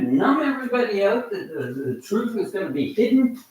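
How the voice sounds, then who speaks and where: A man rants to camera in a rambling, agitated way, often dropping a sentence halfway through. His voice swings widely in pitch. The room around him sounds bare and echoey. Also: sing-song, moderate pace, a little mellow, muffled recording. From Canada.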